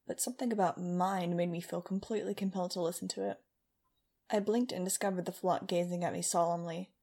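A woman narrating a first-person audiobook in a wry, brisk storytelling manner. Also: on the low side, vocal fry, a little mellow.

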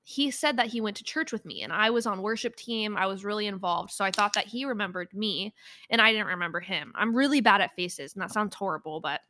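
A woman's voice: mid-range voice, a little fast, pushed and bright. A young adult woman hosting a podcast, telling stories in a chatty, casual way with frequent laughs and fillers. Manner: chatty, laughs often, lots of "like". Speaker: podcast host. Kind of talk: casual solo podcast storytelling.

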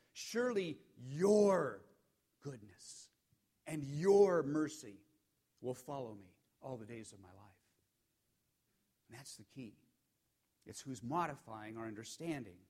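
Pastor preaching with dramatic swells. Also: male voice, a little high. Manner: storytelling preacher, rising emphatic peaks and hushed drops. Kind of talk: sermon.

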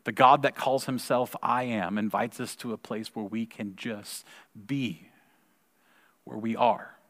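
A man in his forties giving a sermon, telling a personal story in a conversational way and repeating words when excited. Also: mid-range voice, a little slow. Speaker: pastor. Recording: long reverb of a large hall.

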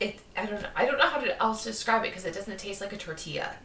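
Giggly Midwestern woman, gravelly and bright. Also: mid-range voice, animated, fast, distant mic, slight background noise. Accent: Upper Midwest American. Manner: giggly, rambling, lots of "like". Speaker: podcast host. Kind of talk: casual chat. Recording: roomy, a little off-mic.

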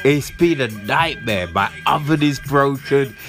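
Animated, profane man with a blocked nose. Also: mid-range voice, measured pace, over music. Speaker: podcast host. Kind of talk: casual storytelling monologue.

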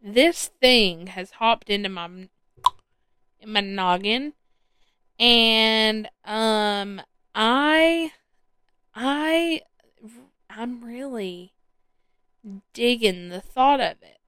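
A woman's voice: on the high side, lively intonation, very slow, pauses often, a bit bright, clean tone, no echo. A woman hosting her own podcast solo, chatting casually and rambling with plenty of ums and restarts. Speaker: podcast host. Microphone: headphones with a podcast mic.

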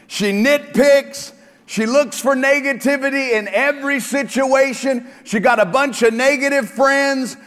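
A man's voice: extremely high pitch, a bit bright, long reverb tail. A man preaching a sermon as pastor, joking with the congregation and driving points home emphatically.

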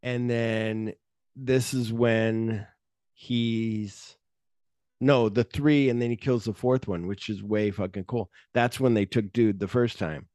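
A man's voice: on the low side, steady tone, slow, darkish tone, no room sound, clean studio sound. A man co-hosting a podcast, retelling film scenes in a loose, rambling way with plenty of swearing. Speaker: podcast co-host. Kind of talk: casual movie-discussion chat.

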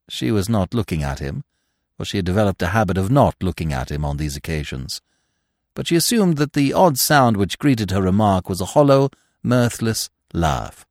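Guy reading an old novel aloud, low voice, super animated storytelling. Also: moderate pace, no echo, studio quality. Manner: expressive, storytelling. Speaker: narrator. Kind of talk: audiobook narration of classic fiction.

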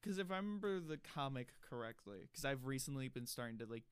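A man co-hosts a casual podcast, wandering through stories packed with filler words. His voice sits at a medium pitch, smooth and lively, and he talks quickly.

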